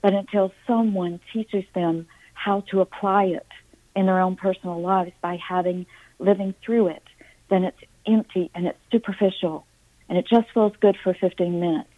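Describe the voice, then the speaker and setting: A middle-aged woman, a book author and interview guest, telling her story earnestly with halting restarts and dramatic quotes of herself. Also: mid-range voice, fairly even intonation, narrow, tinny audio.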